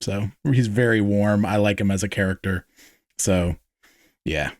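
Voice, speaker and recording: Relaxed man on a dry call mic. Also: lowish voice, unhurried, dry recording. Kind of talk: casual online chat. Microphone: computer mic on a voice call.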